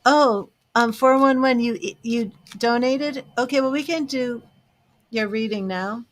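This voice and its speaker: A woman giving live tarot readings, chatting to viewers, reading their questions and turning cards, emotional and chatty. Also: fairly high pitch. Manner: slow, chatty, emotional, talks to viewers by name. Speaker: tarot reader and psychic.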